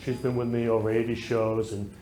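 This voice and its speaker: A man's voice: medium pitch, little pitch movement, a little fast, dark tone. A man hosting a casual talk show, gushing and sentimental, showering guests and viewers with affection. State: emotional, near tears. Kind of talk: casual live show chat.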